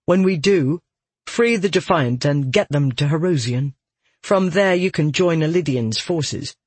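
A man playing a calm, decisive soldier who gives steady orders. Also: a little high, measured pace, slightly rough, no echo. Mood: resolute. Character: calm decisive young male soldier leader.

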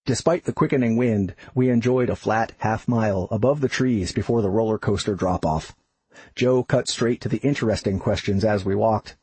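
A man narrates his own memoir in a steady, descriptive way. His voice is very husky and breathy, pitched in the middle range for a man. The recording is dry and close, with no room sound. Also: normal speed, dry recording, low-quality recording.

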